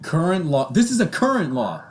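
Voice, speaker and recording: A man's voice: on the high side, wildly swooping pitch, normal speed. A young man with a Canadian accent co-hosting a casual podcast, reading out strange laws and laughing often. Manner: giggly, reads out odd laws. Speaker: podcast co-host. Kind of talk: casual chat.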